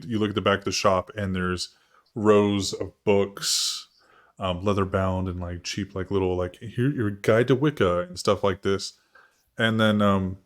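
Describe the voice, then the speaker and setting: A man with a fairly low voice narrates a tabletop role-playing session as its game master. He rambles loosely from one detail to the next, filling gaps with fillers. He swears casually as he goes.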